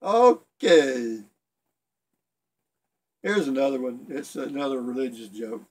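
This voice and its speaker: A man's voice: mid-range voice, animated, slow pace. A middle-aged man casually reading jokes aloud for his video blog, rambling a bit and chuckling at his own punchlines. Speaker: video blogger telling jokes.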